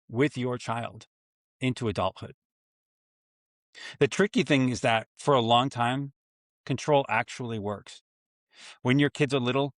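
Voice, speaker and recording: A man's voice: mid-range voice, no echo, clean studio sound. A man in his forties hosting a solo parenting podcast, earnest and reflective, with self-mocking asides. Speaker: podcast host for fathers.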